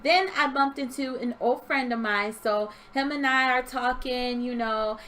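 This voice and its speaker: A young woman telling a story from her dream in an animated, expressive way, acting out sounds. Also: sits high, a little slow. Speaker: vlogger. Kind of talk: storytelling vlog.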